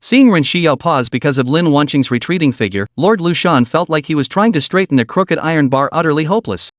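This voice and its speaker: Slightly high male narrator, dry sound. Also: lively intonation, brisk, dry recording. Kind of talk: scripted narration of a web novel.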